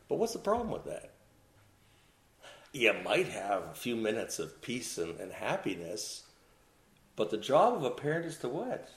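A man delivers a sermon in a lively, sweeping voice that climbs and drops as he poses questions to his listeners. The sound is roomy and echoey, as in a church hall. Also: medium pitch. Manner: animated preaching with rhetorical questions to the congregation. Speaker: pastor. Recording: echoey room.

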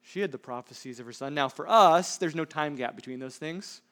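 A man preaching a sermon, emphatic, with frequent rhetorical questions, swinging between loud stresses and hushed asides. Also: a little high, fairly quick. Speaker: pastor.

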